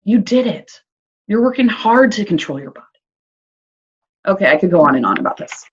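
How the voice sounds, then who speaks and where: A woman's voice: mid-range voice, very animated, fairly quick, husky. A woman social worker giving an upbeat, encouraging talk to parents, chatty with fillers, with a Midwestern American accent. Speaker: early childhood social worker. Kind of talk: recorded presentation for parents. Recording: dull lo-fi recording.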